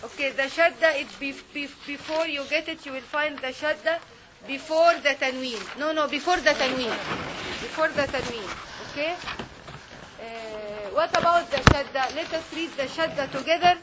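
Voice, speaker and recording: A woman teaching a Quran reading lesson, patiently repeating sounds slowly for her students. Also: high-pitched, noisy background.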